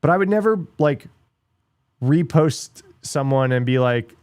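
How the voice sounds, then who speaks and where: A man's voice: medium pitch, animated, a little slow, clear, resonant tone, no room sound. A middle-aged man hosting a livestream, ranting bluntly in casual chat with lots of swearing and filler words. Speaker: livestream host.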